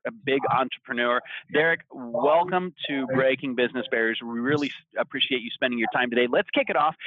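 A man co-hosting a business podcast, introducing a guest and asking questions in an energetic manner. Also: medium pitch. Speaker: podcast co-host. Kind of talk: upbeat show hosting. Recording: dull lo-fi sound.

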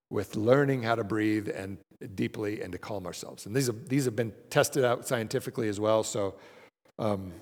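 A man's voice: medium pitch, a little mellow. Man teaching a class in a reverberant hall. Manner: conversational, checks in with "okay?". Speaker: class leader. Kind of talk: teaching a class with guided breathing exercises. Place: large room with a group.

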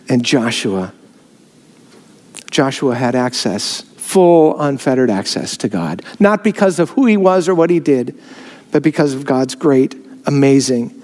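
A man's voice: mid-range voice, a little mellow. A man preaching a sermon, filmed on camera, rising in emphasis on key phrases. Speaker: pastor. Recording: long hall reverb.

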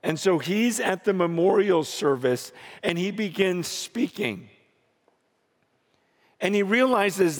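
A man preaching a sermon as he tells a story, swinging from hushed lines to shouts. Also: high voice, lively intonation, takes it slowly. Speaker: pastor. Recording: long reverb of a large hall.

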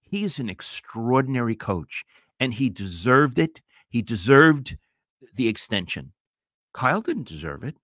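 A man's voice: medium pitch, big pitch swings, measured pace, fairly bright tone, no room sound, studio quality. An older man, a retired sports writer, co-hosting a casual sports podcast with emphatic opinions and stumbling restarts.

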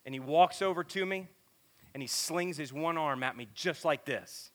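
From the pulpit, a man delivers a sermon as a story, doing animated voices. His bright, forceful voice is pitched a little high, sinking to a hush and then rising loud, all at a measured pace.

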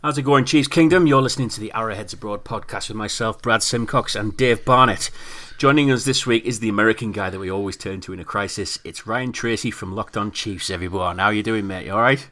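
A man's voice: lowish voice, a little fast, few pauses, pushed and bright. A British man hosting a podcast, chatting casually, laughing often and restarting his sentences. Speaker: podcast host. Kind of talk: casual chat.

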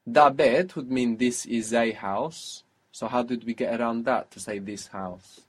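A man's voice: mid-range voice, normal speed, husky. A man teaching a spoken language lesson, patiently explaining pronunciation and prompting his student.

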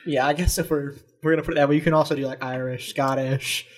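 A young man from the South, chatting on a podcast in an animated, laughing, exasperated way. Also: on the high side, fast. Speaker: podcast co-host. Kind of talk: casual chat.

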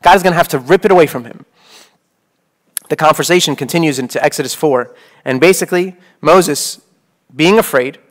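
A man's voice: fairly high pitch, a little fast, pauses often. A man in his thirties, a priest, giving a conversational sermon full of "like" and "okay?". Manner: casual, peppered with "like" and "okay?".

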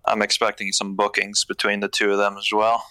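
A man's voice: fairly low pitch, completely flat delivery, a little fast, pushed and bright, clean tone, no room sound, rough recording. A young man guesting on a casual football podcast, giving short, confident predictions.

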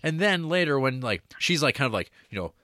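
A man chatting casually about a film as a podcast co-host, animated and laughing as he acts out lines. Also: medium pitch, fairly quick, dry recording, studio quality. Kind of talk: casual chat.

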